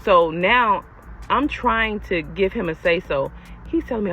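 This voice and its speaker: A young woman telling a personal storytime to her viewers in a casual, animated and exasperated way. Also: mid-range voice, unhurried, soft background music. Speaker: storyteller vlogger. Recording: lo-fi with faint background noise.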